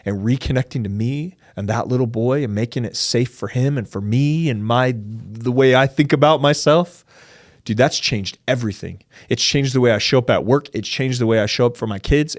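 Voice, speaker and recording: A mid-range American male voice, captured at studio quality with no room sound. He's a podcast guest telling a candid personal story at length, acting out what people said and using "dude" and "like" a lot.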